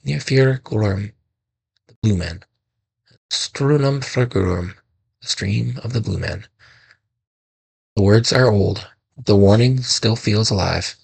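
Guy reading sea legends slow and solemn, husky gravelly voice, fixes his own slips. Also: on the low side. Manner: slow, solemn storytelling with self-corrections. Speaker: podcast host. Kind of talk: scripted folklore narration.

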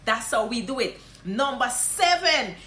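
A woman from Guyana with a Guyanese Creole English accent, high and bright in pitch. She teaches local greetings in a casual, animated way and repeats each phrase with loud emphasis. The sound carries an echo, as if recorded in a bare room. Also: measured pace, slight background noise. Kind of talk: casual instructional vlog.

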